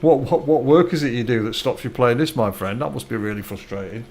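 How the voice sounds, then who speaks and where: A man's voice: mid-range voice, fairly quick, a little mellow, slight background noise. A middle-aged man, chatting casually to viewers while live-streaming a game, friendly and stumbling over his words.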